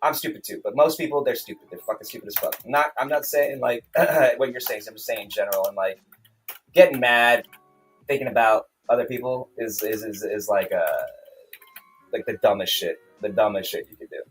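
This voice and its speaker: A man's voice: on the low side, a little fast. A man talks on a casual livestream, heated and profane, rambling and restarting his sentences. Faint music plays behind him. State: angry, then calming down. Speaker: streamer, self-published author.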